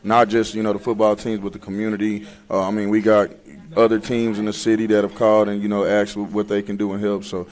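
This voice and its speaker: Coach, low flat voice, earnest and halting. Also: male voice. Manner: earnest, halting, many fillers. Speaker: high school football coach. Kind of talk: casual interview.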